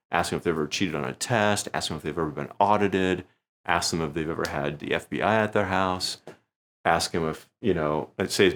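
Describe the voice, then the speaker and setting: A man teaching a magic routine in a conversational way, often acting out his stage lines with sudden lifts in pitch. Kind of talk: instructional talk.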